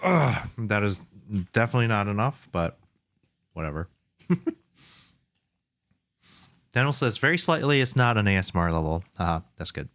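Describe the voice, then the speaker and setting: A man's voice: on the low side, big pitch swings, normal speed, creaky, long pauses, fairly bright tone, dry recording. A young man streaming game development from home at a desk mic, chatting casually, reading chat aloud and joking about himself. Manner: rambling, reads chat aloud, self-deprecating jokes. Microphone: desk microphone.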